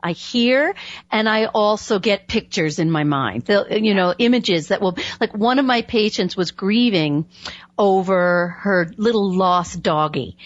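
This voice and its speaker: A woman's voice: medium pitch, measured pace, no room sound, dull audio. A woman hosting a radio talk show, chatting casually with a guest and dropping lots of "you know"s. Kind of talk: casual interview chat.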